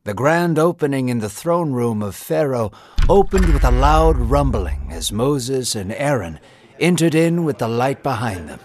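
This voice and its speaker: Slow dramatic male storyteller. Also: medium pitch, darkish tone. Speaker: narrator. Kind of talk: scripted Bible story narration. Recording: narration over a music bed. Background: music.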